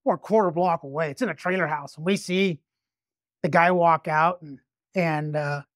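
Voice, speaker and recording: A man's voice: a little high, normal speed, a bit bright, dry recording, clean studio sound. A man detective telling a story casually, rambling, restarting often and swearing freely. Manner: rambling, with frequent restarts and profanity.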